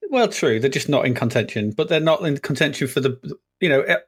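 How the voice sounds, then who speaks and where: A man's voice: mid-range voice, lively intonation, fairly quick, breathy edge. A man co-hosting a podcast in casual chat, with wry, dry humor, laughing along. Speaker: podcast co-host.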